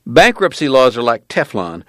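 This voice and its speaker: A man's voice: mid-range voice, very animated, moderate pace, fairly bright tone, no echo, voice pushed up. A man voicing a matter-of-fact local man recounting a family's tragedy. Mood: grim.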